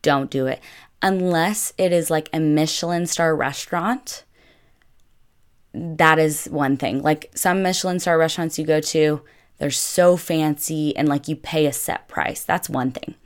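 Young woman, low voice, casual chatty storyteller, heavy on fillers. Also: measured pace. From United States. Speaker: vlogger.

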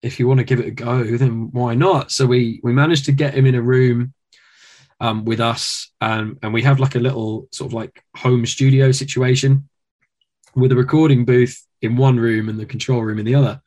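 A man's voice: mid-range voice, normal speed. Uk guy musician on an interview, loose rambly storytelling, um and like everywhere. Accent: British. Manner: rambling, animated storytelling with many fillers. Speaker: guest musician. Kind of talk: casual interview.

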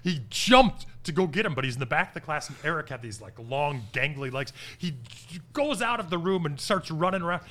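A man's voice: on the high side, a little fast. A middle-aged man, a podcast guest, telling stories in a casual chat with lots of "oh, yeah" and "you betcha". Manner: animated storyteller, frequent "oh, yeah" and "you betcha".

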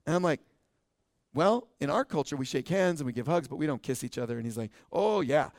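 Casual pastor with a dry sound. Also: male voice, a little high, expressive, fairly quick, a little mellow, no room sound. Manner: conversational, joking, frequent "right?" asides. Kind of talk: sermon.

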